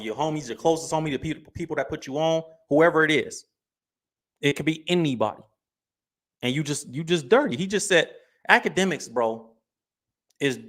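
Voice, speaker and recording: A man's voice: fairly high pitch, a bit bright. Casual man hosting a livestream. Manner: casual, chatty, leans on "bro" and "you know what I'm saying". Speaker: livestream host. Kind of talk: reacting to clips on a livestream.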